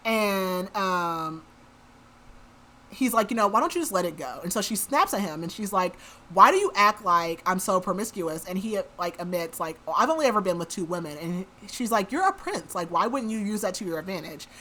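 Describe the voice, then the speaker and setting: A woman's voice: mid-range voice, lively intonation, brisk, fairly bright tone. A woman hosting a podcast, recapping a book in a casual, chatty way and saying "like" a lot. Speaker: podcast host.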